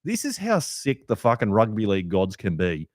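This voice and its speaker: A young Australian man hosting a fan podcast, ranting heatedly with plenty of swearing, a little rough from a hangover. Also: lowish voice, normal speed, no room sound, studio quality. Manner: heated, sweary rant with lively swings. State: hungover, rough voice. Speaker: podcast host. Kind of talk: fan podcast match review.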